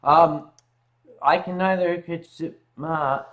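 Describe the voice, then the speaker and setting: Man, high-pitched, tipsy, reads chat aloud, loose joking livestream talk. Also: fairly even intonation, takes it slowly, a bit bright. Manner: reads viewer messages aloud, joking and rambling. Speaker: livestream host. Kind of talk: casual drinking livestream chat.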